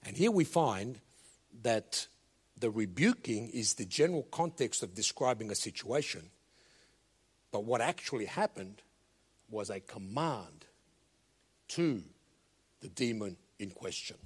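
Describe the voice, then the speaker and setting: An older man preaching a sermon, slow and emphatic, swinging between loud commands and quiet low asides.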